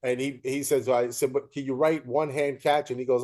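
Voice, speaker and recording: A man hosting a casual interview, telling lively anecdotes and acting out what people said. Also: medium pitch, moderate pace. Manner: animated storyteller, acts out quoted voices. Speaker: host.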